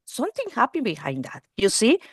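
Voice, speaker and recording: A woman's voice: fairly high pitch, huge pitch swings, fairly quick, husky, no room sound, studio quality. Woman giving a teacher-training webinar. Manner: broken, non-native English grammar; checks in with "okay?" and "you see". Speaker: early learning trainer presenting to teachers. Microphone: video call.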